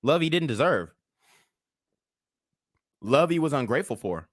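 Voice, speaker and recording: A young adult man hosts a livestream commentary show, talking in a heated, blunt, profane way. His medium-pitched voice swings widely in pitch and moves a little slowly, recorded dry at studio quality.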